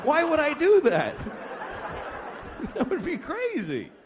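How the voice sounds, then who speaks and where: A man doing a stand-up comedy set, ranting and shouting his punchlines. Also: very high voice, huge pitch swings, slow pace, noisy background. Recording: live club with audience laughter.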